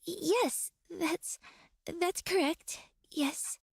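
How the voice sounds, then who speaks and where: A woman's voice: very high voice, fairly even intonation, very slow, creaky, no echo, studio quality, exaggerated voice. A woman voicing a young flower shop owner in a game, hesitant and stammering.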